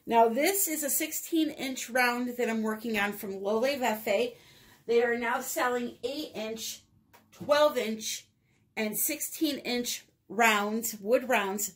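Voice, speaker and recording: A woman with a light New England accent talks viewers through a resin art project. Her delivery is slow and unhurried, chatty and upbeat, and she laughs easily at herself. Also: a little high. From northeastern United States. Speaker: resin art channel host. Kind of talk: casual craft tutorial.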